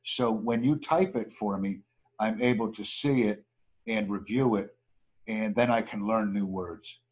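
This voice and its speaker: A man's voice: on the low side, measured pace. A man taking an online lesson over a video call, speaking politely and formally and thanking his tutor often. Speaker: student and channel host.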